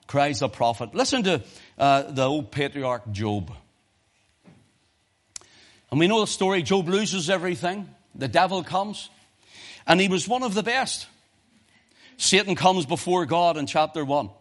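A man's voice: fairly high pitch, lively intonation, unhurried, long pauses. Impassioned man preaching a sermon. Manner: rises to impassioned cries, then drops to quiet urgency; archaic scripture quotations in King James wording.

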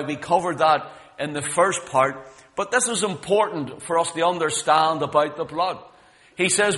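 A man's voice: a little high, moderate pace, sharp tone. A man preaching a sermon in an emphatic, storytelling manner, acting out quoted lines. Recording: long hall reverb.

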